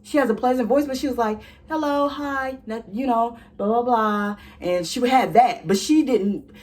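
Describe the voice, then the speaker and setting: A young woman vlogging, telling a storytime straight to her viewers in a sassy, animated way. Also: fairly high pitch, normal speed. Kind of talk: casual storytime chat.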